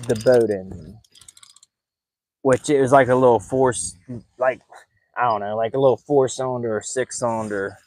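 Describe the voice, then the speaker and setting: Guy out night fishing on a boat, joking around, talking kinda low, average pitch. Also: a little mellow, slight background noise, poor audio. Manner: chatty, joking, keeps his voice low. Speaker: fishing vlogger. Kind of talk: casual storytelling while fishing.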